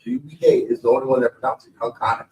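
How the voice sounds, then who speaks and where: A man's voice: medium pitch, wildly swooping pitch, very fast, creaky, crowd noise, poor audio. A man from the audience asking hesitant questions.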